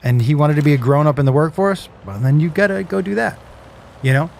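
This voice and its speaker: Brief: middle-aged man, slightly high voice, emphatic conversational dad. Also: fairly quick, creaky, darkish tone, a little hiss or hum. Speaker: father of the guest. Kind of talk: casual podcast chat.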